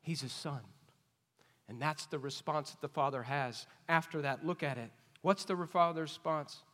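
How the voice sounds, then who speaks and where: A man preaching an expository sermon, emphatic and questioning, swinging between loud points and hushed asides. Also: a little high, moderate pace. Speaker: pastor. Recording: long reverb of a large hall.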